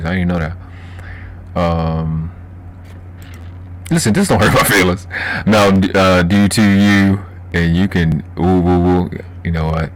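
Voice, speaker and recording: A man's voice: deep voice, a little hiss or hum. A man from Baltimore with a Baltimore accent, chatting casually and profanely on a livestream while answering chat. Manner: loose, profane, laughing, reading chat aloud. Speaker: livestream host.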